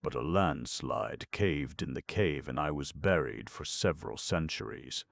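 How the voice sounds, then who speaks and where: A man voicing Crunch, a rasping stone giant. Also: rumbling low, expressive, a bit bright, no echo, clean studio sound, full character voice. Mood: musing. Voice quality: rasping, scratchy, creaking. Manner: frank and slow. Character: ancient male stone giant, blunt and curious. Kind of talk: audiobook narration.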